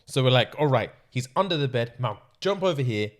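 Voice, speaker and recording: A man, hosting a podcast and telling an animated story, laughing often and acting out what others said. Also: medium pitch, brisk. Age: 20s. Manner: excitable, laughing often, acts out quotes. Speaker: podcast host.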